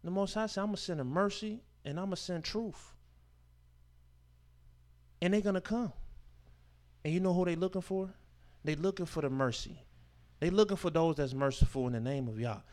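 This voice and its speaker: A man with a high voice preaches a sermon, reading verses and explaining them. His delivery swings between forceful declarations and hushed asides, slowing down to stress key words and using informal speech and rhetorical questions. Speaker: teacher of a Sabbath scripture class.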